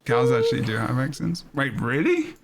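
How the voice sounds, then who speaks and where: Gravelly-voiced male podcast host. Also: mid-range voice, wildly swooping pitch, normal speed, slight background noise. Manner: rambling, laughs often. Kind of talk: casual podcast chat.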